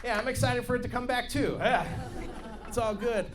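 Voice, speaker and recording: A man's voice: extremely high pitch, moderate pace, noisy background. A man hosting a comedy club night, doing stand-up with rowdy, hyped crowd work. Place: comedy club stage with live audience.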